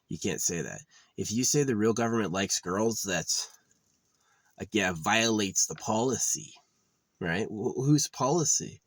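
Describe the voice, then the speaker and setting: A man's voice: fairly low pitch, dry recording. A man on a profane, agitated ranting monologue, often repeating himself. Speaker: vlogger.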